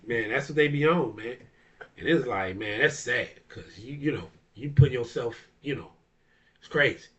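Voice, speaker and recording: Blunt, profane man, bright voice. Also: mid-range voice, distant mic. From Chicago area. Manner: blunt, profane, laughs often, repeats "you know what I'm saying". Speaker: barber and DJ hosting a talk video. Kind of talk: casual monologue.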